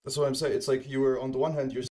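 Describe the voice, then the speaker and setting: A man's voice: medium pitch, level tone, racing, mellow. A man in a casual voice chat argument, pressing his point with persistent questions. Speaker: voice chat participant.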